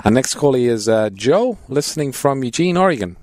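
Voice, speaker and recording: A man co-hosting a call-in Bible radio program, introducing callers and adding measured comments on scripture. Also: medium pitch, animated, darkish tone, no echo. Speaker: radio co-host. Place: radio studio.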